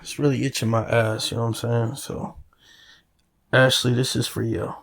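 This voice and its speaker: Gravelly man ranting casually. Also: medium pitch, level tone, moderate pace. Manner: rambling, profane, repeats fillers. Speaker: channel owner. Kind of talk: casual direct-to-camera rant.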